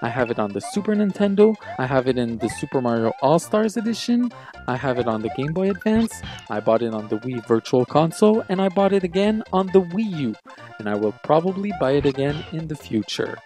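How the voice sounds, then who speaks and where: A man's voice: on the high side, very animated, brisk, a little mellow, faint music behind. A man from Quebec reading a scripted countdown of his favourite video games, enthusiastic and nostalgic about his childhood. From Quebec, Canada. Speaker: video game reviewer.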